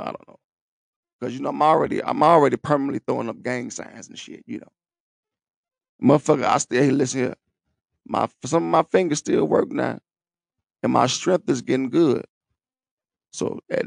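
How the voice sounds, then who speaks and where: Gravelly profane man rambling on a podcast. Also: mid-range voice, a little mellow, no echo, clean studio sound. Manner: profane, streetwise, boastful banter. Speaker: podcast host. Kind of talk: rambling solo podcast talk. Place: at home, seated in a wheelchair.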